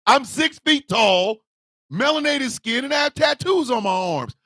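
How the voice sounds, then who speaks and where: A man ranting comedically as a show host, loud and animated with shouted bursts. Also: very high voice, measured pace, no echo, clean studio sound. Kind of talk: comic rant.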